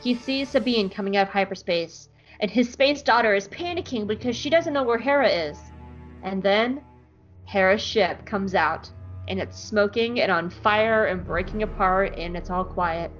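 A woman co-host talks through an episode in a relaxed, eager way, her speech dotted with "like." Her voice sits at a middle pitch. The recording sounds a little dull and lo-fi. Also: normal speed, faint music behind. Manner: enthusiastic, lots of "like" fillers. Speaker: podcast co-host. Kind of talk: casual chat recapping an episode.

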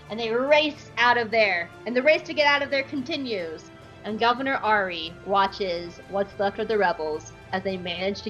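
A woman hosting a podcast, recapping an episode in an animated, jokey way. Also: fairly high pitch, muffled recording. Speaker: podcast host.

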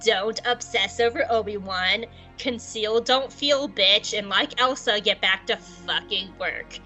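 Woman putting on a fed up old evil emperor guy, slow dismissive drawl. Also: medium pitch, bright, forceful tone, soft background music, low-quality recording. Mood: exasperated. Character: exasperated old male evil emperor, casual.

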